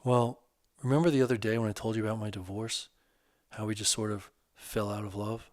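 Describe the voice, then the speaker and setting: An earnest, hurting divorced man, voiced by a male narrator, talking casually and haltingly about his pain. His voice is on the low side, recorded close and dry. The speech is candid and unpolished. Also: fairly even intonation, darkish tone, no room sound, lightly acted.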